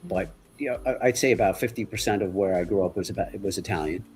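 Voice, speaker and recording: A man's voice: low voice, fast talker, darkish tone, a little hiss or hum. A man from Long Island with a New York accent, chatting casually as a livestream guest and asking lots of questions. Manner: asks many questions, rambling with restarts. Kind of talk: casual chat.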